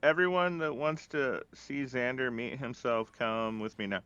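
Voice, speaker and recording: A man's voice: medium pitch, moderate pace, a bit bright, clean tone, highs cut off. A man playing in a tabletop game with a dry, matter-of-fact way of talking. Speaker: player. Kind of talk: casual chat.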